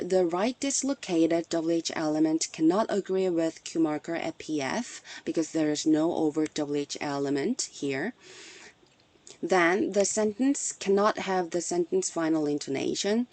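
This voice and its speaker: Low, mellow-voiced woman presenting research. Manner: reads carefully from prepared text, measured and explanatory. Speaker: conference presenter. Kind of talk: scripted academic presentation.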